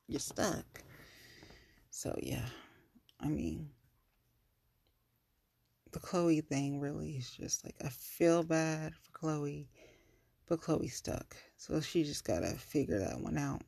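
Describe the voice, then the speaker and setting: Blunt, profane woman with a low, gravelly voice. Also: slow pace, long pauses, dry recording. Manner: blunt, profane, animated storytelling. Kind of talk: casual talk to listeners.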